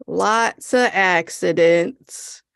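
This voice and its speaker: A woman co-hosting a podcast in casual chat, animated and quick to laugh as she recaps scenes. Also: lowish voice, gravelly, clean tone, no echo, clean studio sound. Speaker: podcast co-host.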